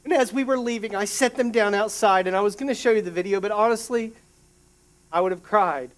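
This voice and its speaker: A middle-aged man preaching a sermon, an emotional storyteller who restarts sentences and adds quick asides. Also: high-pitched. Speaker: pastor.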